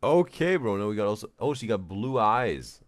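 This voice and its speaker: A man's voice: lowish voice, very animated, moderate pace, slight background noise. A man streaming a live reaction, laughing often, calling everyone bro and trailing off mid-sentence.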